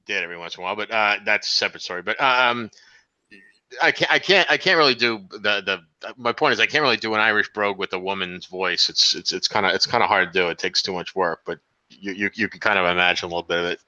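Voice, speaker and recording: A man co-hosting a podcast, reminiscing in casual chat with halting restarts. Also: on the low side, pushed and bright, no room sound, lo-fi sound. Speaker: podcast co-host.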